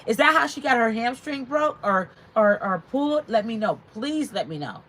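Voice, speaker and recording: A woman's voice: high voice, animated, normal speed, few pauses, fairly bright tone, low-quality recording. A woman hosting a casual livestream, chatting and reading out viewer comments. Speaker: livestream host.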